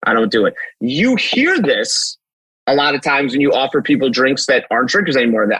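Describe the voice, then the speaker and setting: Husky-voiced energetic male coach. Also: mid-range voice, fairly quick, no room sound, poor audio. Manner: energetic, storytelling, acts out dialogue, swears casually. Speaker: fitness coach. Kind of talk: animated podcast conversation.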